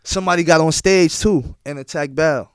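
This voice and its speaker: A man's voice: on the high side, moderate pace, clear, resonant tone, no echo, studio quality. Laid-back New man telling stories. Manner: laid-back slang, repeats "you feel what I'm saying". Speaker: guest DJ. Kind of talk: casual podcast interview storytelling.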